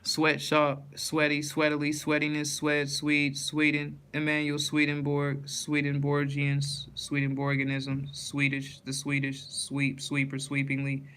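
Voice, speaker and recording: A man works through a list of words aloud, one after another, in a slightly higher voice that barely moves in pitch. He goes slowly, and his tone stays smooth and clear. He trips over a word now and then and starts it again. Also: monotone, a bit bright. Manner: reads words one by one, with frequent slips and restarts.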